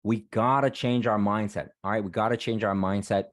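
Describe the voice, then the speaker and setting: In a clean, dry studio recording, a man from Canada coaches on careers as a guest speaker, using a lowish voice with a steady tone and a fairly quick pace. His casual, chatty style repeats itself, with "right?" popping up frequently.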